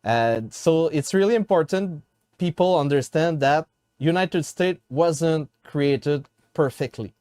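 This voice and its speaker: A man with a French accent hosting an interview in English, his second language, halting often to search for words. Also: fairly high pitch, a little mellow, no room sound, clean studio sound. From France. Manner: halting, many fillers and restarts while searching for words. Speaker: host.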